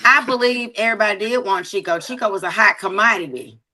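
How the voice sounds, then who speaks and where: A woman's voice: medium pitch, fast talker, bright, forceful tone. A woman joining a casual live stream as a guest, bubbly and chatty. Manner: bubbly, chatty while fixing her camera.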